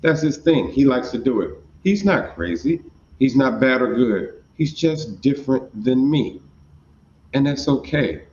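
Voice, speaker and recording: A man's voice: medium pitch, big pitch swings, unhurried, darkish tone. A man muses in a rambling, philosophical way during a casual conversation. The audio sounds muffled and roomy, with faint background noise underneath. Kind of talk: casual reflective chat.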